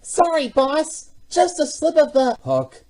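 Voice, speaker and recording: A woman's voice: high-pitched, huge pitch swings, takes it slowly, mellow, pitched above the performer's own voice, heavily acted. A woman doing a sheepish clumsy crane. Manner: sheepish, apologetic. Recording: music behind the voice.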